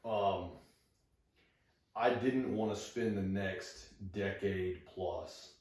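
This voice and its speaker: A man in his thirties tells his story in an easy, wandering way, with plenty of fillers and restarts. His voice sits low, and he is heard a little away from the mic. The room rings with heavy echo. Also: very slow, a little mellow. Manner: rambling, many fillers and restarts. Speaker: podcast guest, veteran. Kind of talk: casual conversation. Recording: echoey room, far from the mic.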